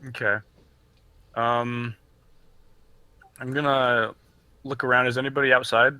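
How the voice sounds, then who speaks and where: A man's voice: mid-range voice, little pitch movement, measured pace, bright, forceful tone, clear, resonant tone, dry recording. A young man playing a character in a casual tabletop role-play, playful and giggly. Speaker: player.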